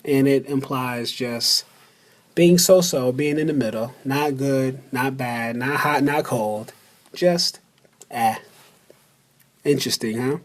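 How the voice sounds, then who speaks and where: A man teaching a beginner language lesson over a slideshow, slow and deliberate, repeating words for the listener to practise. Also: mid-range voice.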